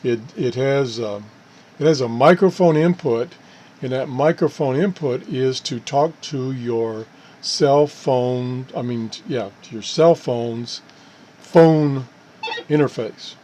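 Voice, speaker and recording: A man's voice: mid-range voice, slow, dark tone. Rambling, self-correcting man. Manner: rambling, self-correcting, chuckles at own mishaps. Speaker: channel host reviewing gadgets. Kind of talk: casual unscripted product talk.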